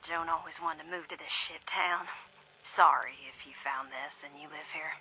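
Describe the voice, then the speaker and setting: An actress playing a bitter woman hunting a beast in a game audio log, speaking with a wry, gravelly edge. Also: deep voice, fairly even intonation, moderate pace, heavily acted. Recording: loud background noise.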